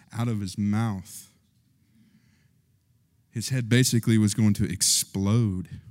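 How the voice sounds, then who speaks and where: A man preaching a sermon, telling a story and acting out voices, rising in pitch and force when stirred. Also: dark tone. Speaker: pastor. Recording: long reverb of a large hall.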